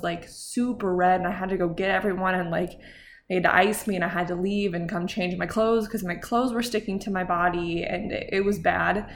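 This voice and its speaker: A woman's voice: mid-range voice, slight background noise. A young adult woman hosting a podcast, telling a story in a rambling, chatty way full of filler words. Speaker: podcast host. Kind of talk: casual chat.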